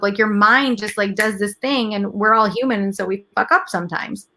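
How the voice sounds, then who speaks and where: A woman's voice: fairly high pitch, moderate pace, pushed and bright. A woman in her thirties, a mother speaking as a guest in a casual couch conversation, telling stories candidly and animatedly.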